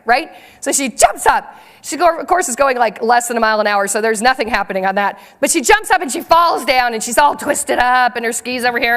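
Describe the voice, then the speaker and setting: Keynote speaker, woman, high voice, animated storyteller, hall reverb. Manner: animated storytelling, lively and expressive. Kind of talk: conference keynote speech. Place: large conference hall.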